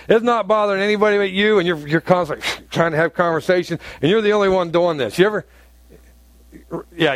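A man's voice: high voice, dry recording. A male pastor preaching a sermon in a conversational way, asking the congregation questions and acting out taunts in a raised voice.

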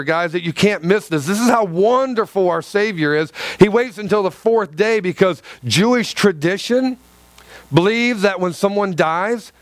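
High-voiced impassioned male preacher. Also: no echo. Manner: impassioned, repetitive preaching with acted-out quotes. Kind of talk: sermon.

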